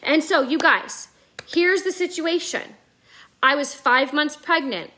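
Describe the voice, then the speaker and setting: A woman telling her own story at home on a live video, chatty and animated, with a lot of "like". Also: on the high side. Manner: chatty, animated, many fillers like "like". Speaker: network marketing vlogger. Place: at home indoors, near a staircase. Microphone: live video call.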